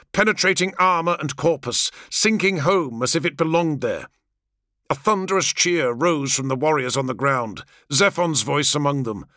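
A man reading scripted audiobook narration in a measured, dramatic storytelling manner. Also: a little high, bright, forceful tone, dry recording, studio quality.

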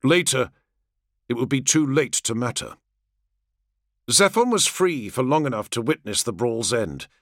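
Bright-voiced male audiobook narrator. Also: medium pitch, animated, dry recording, studio quality. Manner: measured dramatic storytelling.

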